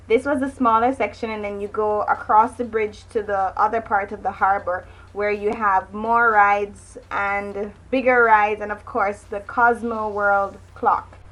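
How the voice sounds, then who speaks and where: A woman's voice: on the high side, a bit bright, poor audio. A young woman narrating her travel vlog in a chatty, enthusiastic way, with casual asides and self-corrections. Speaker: vlogger.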